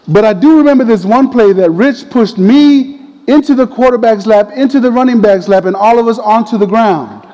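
A middle-aged man recounts a personal story with animated energy, often breaking into laughter. His voice sits high for a man but sounds mellow and soft-edged. The sound carries the long reverb of a big hall. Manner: animated, laughs often, uses casual fillers. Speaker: speaker telling a personal story. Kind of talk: storytelling talk.

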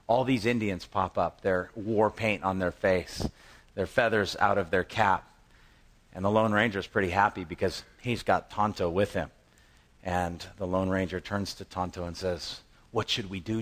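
A man's voice: lowish voice, a bit bright. A man preaching a sermon in a conversational style, telling the story with animation and putting on the voices of the people in it. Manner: conversational, repeats words when restarting. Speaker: pastor.

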